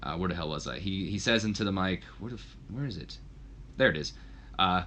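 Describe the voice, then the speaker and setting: A man's voice: low-pitched, animated, a little fast, pushed and bright, lo-fi sound. A man casually narrating a wrestling game session, rambling with fillers. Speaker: let's play host.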